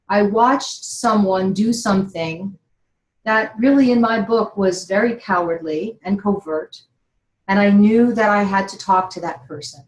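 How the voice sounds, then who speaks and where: A middle-aged woman speaks earnestly and with feeling, sharing a personal story as a motivational talk. Her voice sits at an ordinary pitch, and the room around her has a noticeable echo. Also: a little mellow. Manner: earnest and emotional, laughs between words. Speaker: inspirational speaker. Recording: roomy echo.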